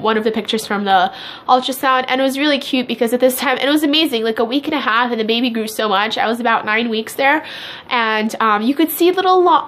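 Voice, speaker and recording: Chatty young pregnant woman vlogging. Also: a little high. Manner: chatty and animated, laughing through her story. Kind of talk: casual chat to camera.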